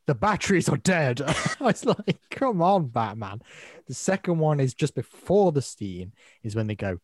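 A man's voice: mid-range voice, darkish tone, dry recording, clean studio sound. A man co-hosting a podcast, chatting casually and laughing as he retells favourite lines. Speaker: podcast co-host. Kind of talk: casual chat.

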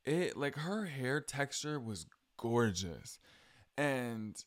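A man's voice: mid-range voice, very animated, slow, no room sound, clean studio sound. A young man with a Southern accent, chatting casually on his solo podcast with frequent ums and likes. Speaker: podcast host.

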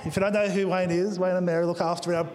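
A slightly higher-voiced man preaches to his church, playful and full of joking asides. His voice rings out in a big space with long reverb trailing behind each phrase. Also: level tone, fast, noisy background. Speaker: pastor. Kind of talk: sermon. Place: church auditorium.

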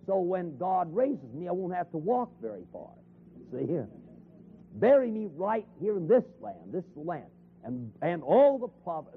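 A man's voice: high-pitched, slight background noise. A man teaching a Bible class in an emphatic sermon style, repeating key phrases for weight. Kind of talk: sermon lecture. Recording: tinny phone-like 1970s tape recording.

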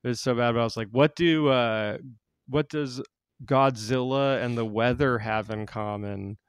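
A man co-hosting a crude comedy podcast, talking loudly and breaking into shouted silly voices. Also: medium pitch, a little slow, clean tone, no room sound. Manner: loud, animated, jumps into shouted silly voices. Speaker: podcast co-host.

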